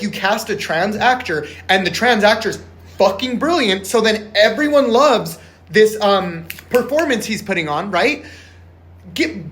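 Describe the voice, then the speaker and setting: A man's voice: high voice, fairly bright tone. Male vlogger, passionate off-the-cuff rant, swears freely, restless and emphatic. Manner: rambling, emphatic, swears a lot; passionate, frustrated. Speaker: vlogger reviewing a film. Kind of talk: casual monologue to camera.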